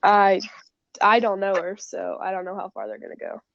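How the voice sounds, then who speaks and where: A woman's voice: mid-range voice, fairly even intonation, normal speed, a bit bright, dull audio, slight background noise. A woman joining a casual video chat as a guest, talking hesitantly and filling her sentences with "like". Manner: hesitant, lots of "like". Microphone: video call.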